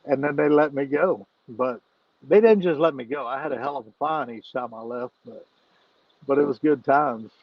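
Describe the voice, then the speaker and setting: A man's voice: mid-range voice, moderate pace, dry recording, muffled recording. Man, podcast guest, casual storytelling, frequent laughs, profane, dry close sound. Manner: laughs often while telling stories, swears freely.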